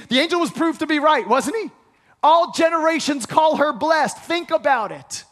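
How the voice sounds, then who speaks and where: A man preaching a sermon, swinging between hushed lines and shouted ones and leading the congregation in call-and-response. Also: very high-pitched, in a large hall. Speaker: pastor.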